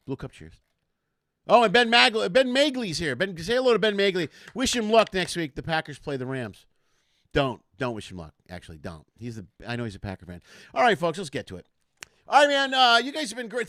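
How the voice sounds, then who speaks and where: Chatty bright-voiced man telling stories. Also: a little high, dry recording, studio quality. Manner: rambling storyteller, animated, acts out quotes. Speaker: host. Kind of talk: casual comedy podcast chat.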